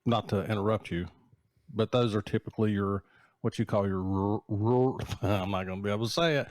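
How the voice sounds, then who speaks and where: A man's voice: fairly low pitch, steady tone, a little fast, darkish tone, no room sound, studio quality. Wisecracking man co-host. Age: 40s. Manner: wisecracking, crude jokes. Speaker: podcast co-host. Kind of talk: casual chat.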